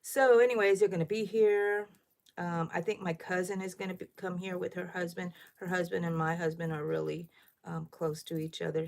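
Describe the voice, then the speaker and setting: A middle-aged woman with a lilt hosts a laid-back crochet livestream, speaking a bit loudly and thinking aloud as she works. Her voice is slightly low for a woman, creaky, with little pitch movement and a moderate pace. She's chatty and keeps asking her viewers questions.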